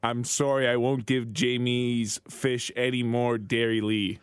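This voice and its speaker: A man reading the part of a sheepish young adult being scolded by his mother, in a flat voice. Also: medium pitch, measured pace, clear, resonant tone, dry recording, clean studio sound, lightly acted.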